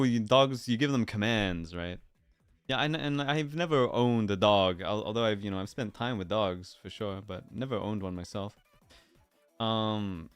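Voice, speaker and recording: A man's voice: mid-range voice, clean tone, no echo. A man chatting casually on a livestream, musing aloud in a playful way and drifting into silly voices. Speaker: streamer.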